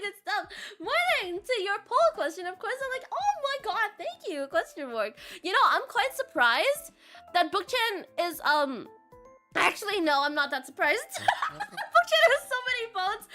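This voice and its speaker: A young woman VTuber chatting casually with her live chat, giggly and playful with frequent loud laughter. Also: extremely high pitch. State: sore throat. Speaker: VTuber streamer.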